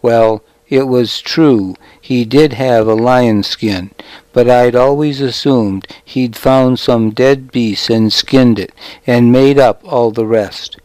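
A man reading a novel aloud as narrator, with measured, deliberate storytelling. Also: medium pitch, fairly even intonation, darkish tone, no room sound, low-quality recording. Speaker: audiobook narrator. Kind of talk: scripted narration.

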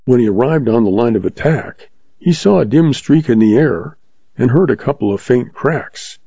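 Guy reading an audiobook, husky and mellow, dry kinda dull sound. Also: medium pitch, normal speed, dry recording. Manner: steady storytelling delivery. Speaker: narrator. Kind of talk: scripted audiobook narration. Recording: slightly dull, dry recording.

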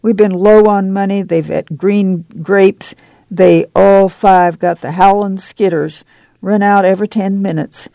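A woman's voice: mid-range voice, steady tone, a little slow, creaky, dark tone, no echo, voice pushed up. A reader voicing a timid, ashamed poor mother who whines in a rural folksy dialect. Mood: pleading.

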